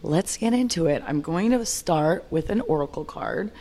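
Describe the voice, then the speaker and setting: A woman's voice: low-pitched, expressive, moderate pace, warm tone. A young woman hosting her own podcast alone, chatting in an upbeat, rambling way with fillers and restarts. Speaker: podcast host. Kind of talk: solo podcast chat.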